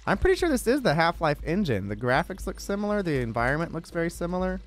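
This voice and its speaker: A young man giving live gameplay commentary as a streamer, with sudden loud excited exclamations between quieter musing. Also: a little high, fast, faint music behind. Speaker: gaming streamer.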